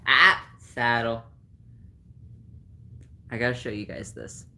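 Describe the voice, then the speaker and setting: A woman's voice: rumbling low, slow, sharp tone. A woman vlogging at home, chatting to her camera and teasing and training her dog in a playful, laughing way. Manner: teasing baby-talk to the dog, often laughing. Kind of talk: casual chat while playing with and training a dog. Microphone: handheld camera.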